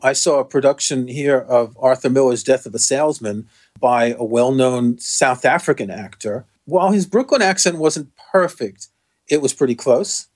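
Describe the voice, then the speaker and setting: A man's voice: medium pitch, moderate pace. A man from the United States, a podcast guest in casual chat, musing aloud and often trailing off.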